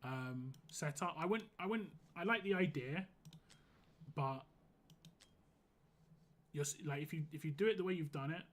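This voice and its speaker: A hoarse man streaming a game live, giving casual, rambling commentary full of "like". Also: fairly high pitch, normal speed, pauses often, a bit bright. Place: home gaming setup.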